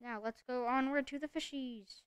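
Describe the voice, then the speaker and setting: Excitable high-voiced young woman gamer. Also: moderate pace, clear, resonant tone, dry recording, clean studio sound. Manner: chatty, excitable, talks to herself. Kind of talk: let's play commentary.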